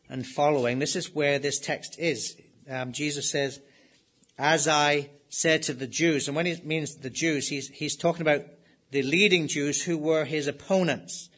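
A middle-aged male pastor delivering an expository sermon. His voice sits a little high for a man, and he moves between easy, conversational explanation and emphatic readings of scripture. He often poses rhetorical questions and then answers them himself. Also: a bit bright.

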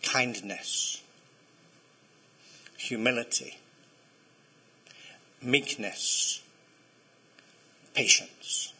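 A man's voice: medium pitch, very slow, pauses often, bright, forceful tone, slightly rough, rough recording. A man preaching a sermon in a conversational way, often checking in with his listeners. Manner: conversational, asks the congregation to respond. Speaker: pastor.

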